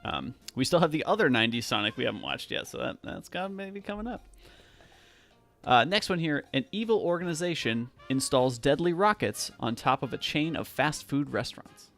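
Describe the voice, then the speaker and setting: A man's voice: a little high, very animated, fairly bright tone, faint music behind. A man co-hosting a podcast, casually reading out quiz questions and laughing often. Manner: laughs often, quick and chatty. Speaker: podcast co-host running a quiz. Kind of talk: casual chat.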